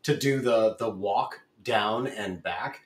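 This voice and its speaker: A man's voice: on the low side, slow. A man co-hosting a casual livestream, laid-back and joking. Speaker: livestream co-host. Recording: echoey room, mic at a distance.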